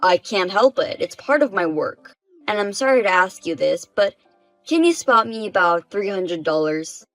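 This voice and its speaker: A defensive, self-centered husband as a woman voices him waves away every complaint. He always has an excuse ready. Quiet music sits under the voice. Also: mid-range voice, big pitch swings, moderate pace, low-quality recording. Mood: dismissive. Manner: dismissive, self-justifying. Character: defensive, selfish husband, man.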